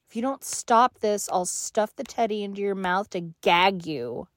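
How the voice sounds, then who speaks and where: A woman's voice: mid-range voice, animated, unhurried, no room sound, studio quality, close to an everyday voice. A woman playing a scornful, domineering woman. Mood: menacing. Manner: scornful, with heavy sighs and hushed asides. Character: cruel, contemptuous domineering young woman. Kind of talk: audio role-play.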